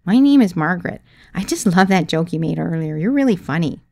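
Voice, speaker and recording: A woman's voice: lowish voice, expressive, vocal fry, darkish tone, no room sound, clean studio sound. A woman voicing an embarrassed, confiding businesswoman. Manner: halting and embarrassed.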